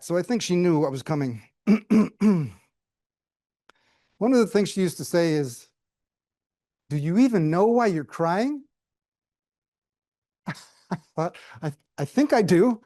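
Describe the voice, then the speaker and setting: A man's voice: sits high, warm tone, no room sound. A middle-aged man giving a prepared speech with humorous storytelling, dry asides and questions to the audience. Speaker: club speaker.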